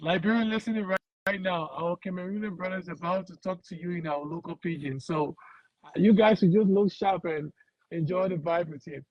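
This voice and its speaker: A man's voice: high-pitched, a little fast, no echo. A man hosting an interview show, upbeat and coaxing his guest along in casual talk. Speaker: host. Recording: dull, muffled sound.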